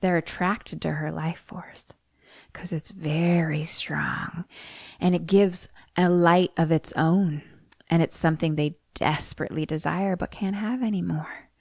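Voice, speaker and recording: A woman voicing a soft-spoken little woman psychic medium, hushed and solemn as she retells a film scene. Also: lowish voice, steady tone, a little slow, creaky, dry recording, studio quality.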